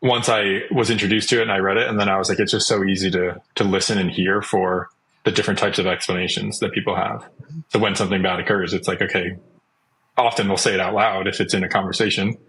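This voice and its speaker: A man's voice: low voice, steady tone, fast, fairly bright tone, slight background noise, rough recording. A young man talking casually as a guest, chatty, with lots of "like" and acted-out quotes. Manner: chatty, many "like"s, acts out quotes. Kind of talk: casual interview talk.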